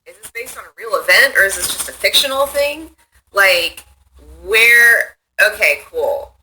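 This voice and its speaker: A woman livestreaming from her phone, chatting casually and answering viewer comments in a profane, rambling, excitable way. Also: medium pitch, measured pace, rough recording.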